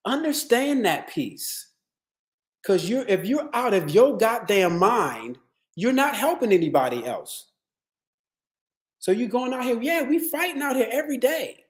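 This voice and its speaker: A man with a fairly high voice gives a motivational wellness talk. He tells stories in an animated, streetwise way, with plenty of swearing. His voice rings around a roomy, echoey space. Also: unhurried. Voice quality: streetwise, profane, animated storytelling. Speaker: wellness speaker. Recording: echoey room.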